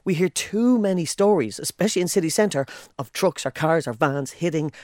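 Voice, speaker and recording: A man's voice: fairly high pitch, a little fast, no room sound, studio quality. An Irish man co-hosting a podcast in casual chat, stumbling over restarts as he thinks aloud. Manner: animated, stop-start with many restarts. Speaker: podcast co-host.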